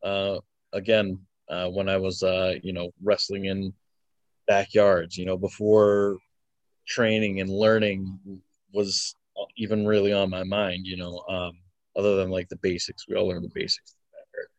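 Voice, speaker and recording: A young man with a lowish voice talks through his answers casually, stopping often on fillers and chuckling now and then. The sound is dry and close, with no room around it. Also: little pitch movement, normal speed, dry recording, dull audio. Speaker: wrestler guest.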